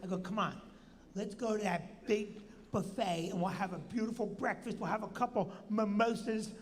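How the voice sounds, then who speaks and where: Animated New Jersey male host, storyteller who acts out quotes; reverberant hall. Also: moderate pace. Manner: animated, acts out quotes with big pitch jumps. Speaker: comedian and show host. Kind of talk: storytelling on a live show.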